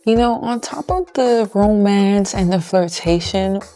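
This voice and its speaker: Woman, from Haiti, casual lesson, repeats phrases slowly, warm dark tone. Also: medium pitch, soft background music. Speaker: language teacher.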